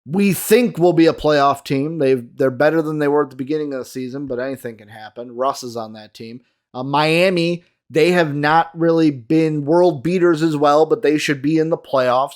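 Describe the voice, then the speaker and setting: A young man hosting a casual solo basketball talk show, chatty and addressing his viewers directly. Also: fairly high pitch. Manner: chatty, lots of fillers, talks to viewers. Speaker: sports show host.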